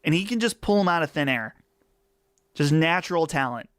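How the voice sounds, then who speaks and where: A man's voice: fairly high pitch, lively intonation, normal speed, a bit bright, no room sound. A man with a Western Pennsylvania accent hosting a casual live chat stream, chatty and rambling on a close mic. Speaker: livestream host.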